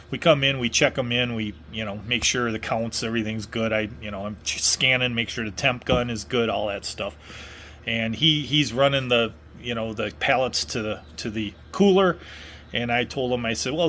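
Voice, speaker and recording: A man's voice: medium pitch, sharp tone, a little hiss or hum. A middle-aged man from Wisconsin telling a casual story in a rambling way, full of fillers and restarts. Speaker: vlogger.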